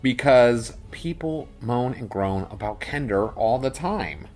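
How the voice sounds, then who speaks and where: A man's voice: medium pitch, animated, slow pace, darkish tone, faint music behind. A man co-hosting a tabletop gaming podcast in casual, rambling chat with lots of fillers and restarts. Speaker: podcast co-host.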